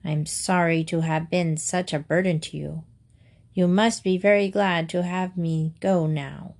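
A woman's voice: lowish voice, fairly even intonation, unhurried, a little mellow. A woman voicing a small, polite gnat who speaks in an overly apologetic way.

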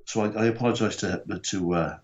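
A Welsh man telling rugby and comedy stories in casual chat, animated and swearing freely. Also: lowish voice, a little fast, muffled recording. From Wales. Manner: animated storytelling, swearing, acting out quotes. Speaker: guest comedian.

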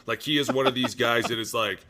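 A middle-aged man, a former pro lineman co-hosting a casual sports podcast, talking in an animated, profane way. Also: mid-range voice, brisk. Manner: animated, profane, breaks into loud impressions.

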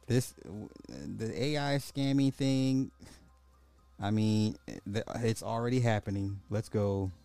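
A man's voice: on the low side, fairly even intonation, slow pace, gravelly, warm tone. A man hosting a commentary podcast, reacting to clips with sarcastic, resigned asides in a casual, repetitive way. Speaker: podcast host. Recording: dry close mic with faint music behind.

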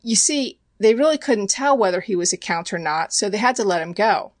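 A woman's voice: medium pitch, expressive, brisk, no room sound, close to an everyday voice. Woman reading as a meek young countess. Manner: gentle, sighing, artless.

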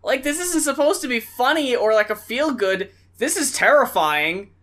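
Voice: medium pitch, expressive, normal speed, a bit bright. A co-host in a casual music review chat, sounding puzzled and asking questions as they think aloud.

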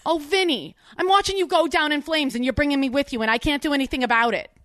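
A woman's voice: high-pitched, fast talker, pitched above the performer's own voice. A woman reading the part of a brassy young woman fed up with her fiancé, in a put-on New Jersey accent. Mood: exasperated. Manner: loud, exasperated, whiny complaining.

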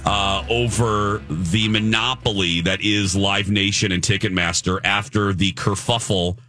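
A man hosting a radio show in casual chat, teasing his co-hosts in an animated way. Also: fairly low pitch, measured pace, faint music behind.

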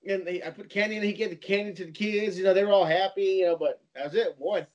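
High-voiced animated man, lo-fi. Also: quick pace. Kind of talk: casual chat. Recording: dull lo-fi sound.

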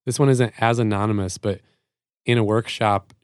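A man's voice: fairly low pitch, steady tone, moderate pace, darkish tone, clear, resonant tone, no echo, clean studio sound. A man co-hosting a podcast in casual chat, affirming and upbeat, laughing easily. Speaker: podcast co-host.

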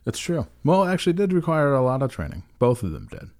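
A man's voice: medium pitch, wildly swooping pitch, quick pace, a little mellow. A man co-hosting a casual chat who jokes around and often trails off mid-thought. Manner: joking, trails off, does bits.

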